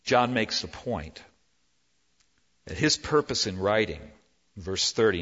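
A man preaching a sermon as pastor, animated, swinging between loud emphasis and hushed, slow lines. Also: on the low side. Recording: dull lo-fi with long hall reverb.

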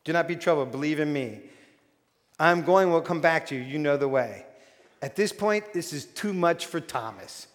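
A man preaching a sermon as pastor, animated and acting out quoted voices. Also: fairly high pitch, moderate pace. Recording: long hall reverb.

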